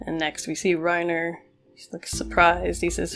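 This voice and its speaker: Young woman, comic recap, sarcastic and casual, lowish voice, faint music behind. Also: completely flat delivery, a little fast, fairly bright tone. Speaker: manga reviewer. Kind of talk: reading a comic chapter aloud with commentary.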